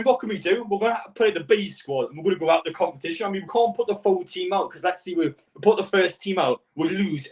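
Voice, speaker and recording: A man's voice: fairly high pitch, far from the mic. A man reacting live to a cup draw as a football fan, exasperated and swearing, rambling with stutters.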